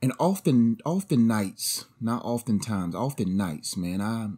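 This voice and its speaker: A young man co-hosting a podcast in casual chat, animated and slangy, often acting out other people's voices. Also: fairly low pitch, measured pace, slightly rough. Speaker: podcast co-host.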